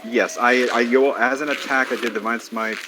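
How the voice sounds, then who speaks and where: A man's voice: mid-range voice, fairly even intonation, moderate pace, noisy background. A man playing a tabletop game, talking hesitantly and apologizing for small mix-ups. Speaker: player.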